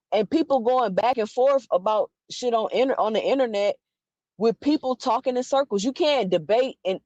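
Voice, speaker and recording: With a mid-range voice, a woman holds forth on boxing in an animated, emphatic way, full of rhetorical questions and quick restarts. The recording sounds dry, dull and lo-fi.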